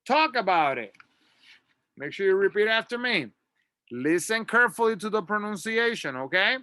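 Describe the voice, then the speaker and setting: A man's voice: high voice, expressive, moderate pace, bright, forceful tone, no room sound, clean studio sound. A man teaching an English lesson, patiently drilling words and asking listeners to repeat after him.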